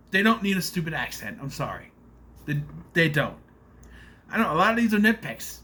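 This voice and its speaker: A man reviews a movie in a loose, exasperated ramble full of uhs and nitpicks. His voice sits a little high and sounds bright and forceful. His pitch jumps around in a lively way. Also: moderate pace. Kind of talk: casual spoiler review rant.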